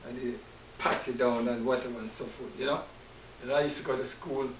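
A man's voice: mid-range voice, fairly even intonation, fairly quick, far from the mic, slight background noise. A man preaching a conversational sermon, often stopping to check in with listeners with a repeated "right?". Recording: echoey, from off-mic, with guitar.

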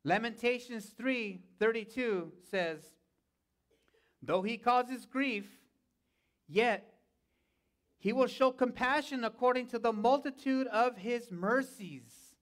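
High-voiced man preaching a sermon. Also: slow, fairly bright tone. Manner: preaching with repeated calls of "Amen?" to the congregation. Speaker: pastor. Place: church sanctuary.

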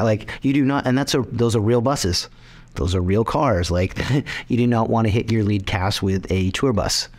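Animated, rambling man interviewed. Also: fairly low pitch. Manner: rambling, animated, with laughs and restarts. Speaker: film director being interviewed. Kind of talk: casual interview.

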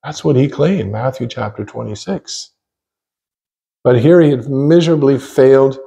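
A man preaching a sermon at a church conference, earnest and emphatic, slowing down to stress key phrases. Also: mid-range voice, creaky, warm tone. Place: church chapel.

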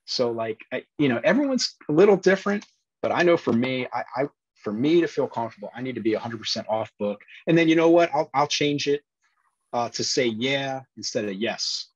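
A man with a breathy, husky voice talks through his acting experience in a relaxed interview. He rambles earnestly and restarts his sentences often. The audio is dull and muffled, with no room sound at all. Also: mid-range voice, fairly quick, dry recording. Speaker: actor and former police officer, podcast guest. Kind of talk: casual interview chat.

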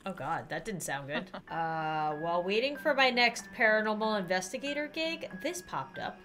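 Young female gaming host, bright and animated, quick playful reactions. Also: medium pitch. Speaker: gaming YouTuber. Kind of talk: let's play commentary.

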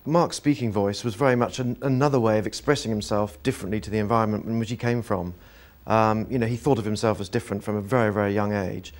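A man's voice: on the low side, fairly even intonation, quick pace, few pauses. A man giving articulate, analytical commentary in an interview.

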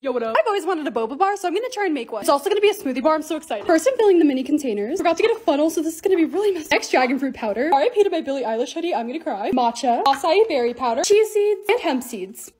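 A bubbly young woman narrates her vlog in a high, lively voice that leaps up and down. She talks quickly and chattily. A faint hiss sits under the recording. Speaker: lifestyle creator.

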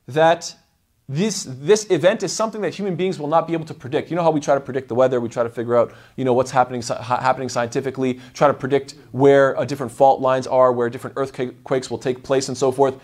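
A man giving an explanatory religious lecture as a Quran teacher, animated and acting out the voices he quotes. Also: mid-range voice, quick pace.

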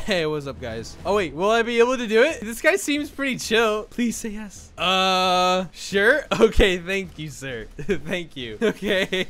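A man giving excitable gameplay commentary as a gaming YouTuber, laughing constantly and breaking into sudden shouts. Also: high voice, unhurried, a little hiss or hum.

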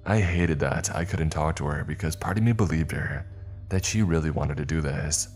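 A man narrating a horror story in a measured, ominous way. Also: extremely low pitch, darkish tone, faint music behind.

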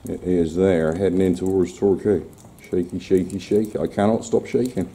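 A man's voice: low-pitched, steady tone, normal speed, dark tone, poor audio. A middle-aged man chatting casually to his camera and his dog while outdoors, often poking fun at himself. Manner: chatty, talks to his dog, self-mocking laughs. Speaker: vlogger walking his dog. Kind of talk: casual outdoor vlog chat. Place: outdoors on a rainy seafront. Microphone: handheld camera. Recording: faint outdoor noise.

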